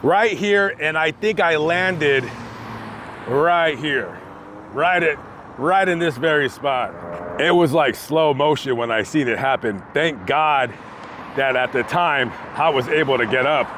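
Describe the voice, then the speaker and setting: A man vlogging outdoors by a busy street, telling a story with lively acted-out quotes. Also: fairly high pitch, measured pace. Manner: animated storytelling, acting out quotes. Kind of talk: storytime vlog told on location. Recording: faint street noise outdoors. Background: passing traffic.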